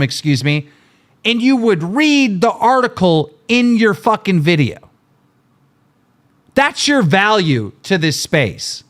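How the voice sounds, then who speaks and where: A middle-aged man hosting a livestream, ranting in an angry, mocking, profane way. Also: high voice. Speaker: livestream host.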